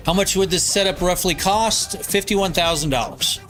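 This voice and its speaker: Nasal male streamer, a bit high and bright, chats loosely with viewers from his basement over faint music. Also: moderate pace. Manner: reads viewer comments aloud and answers them, rambling with fillers. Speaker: live streamer. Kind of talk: casual live-stream chat while gaming. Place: home basement.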